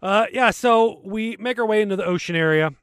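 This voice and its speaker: A man co-hosting a gaming podcast, relaxed and joking as he walks through the gameplay. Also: high voice, a little fast, clean tone, no room sound, clean studio sound. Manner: relaxed, narrates gameplay, jokes. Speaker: podcast co-host. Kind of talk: casual gaming chat.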